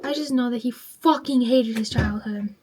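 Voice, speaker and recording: A woman's voice: fairly high pitch, moderate pace, very noisy. A tipsy woman vlogger reading online stories aloud while doing her makeup, chatty and swearing freely as she reacts to each story.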